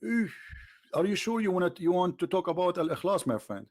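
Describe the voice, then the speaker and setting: Mocking, higher-pitched man. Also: lively intonation, a little fast, darkish tone. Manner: mocking, talks over the caller, switches to a low aside voice. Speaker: host. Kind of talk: debate with a caller.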